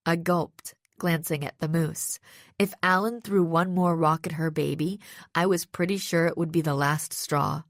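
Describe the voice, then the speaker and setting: A woman reading a first-person audiobook narration in a steady, even storytelling manner, close to the microphone. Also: low voice, a little slow, no echo. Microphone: close studio microphone.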